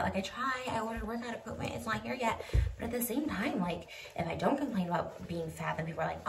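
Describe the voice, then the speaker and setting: A breathless, giggly woman vlogger chats in a medium-pitched voice that is very animated, quick, and touched with vocal fry, whispering little asides. It's casual vlog talk, recorded in an echoey room on a distant mic with plenty of noise.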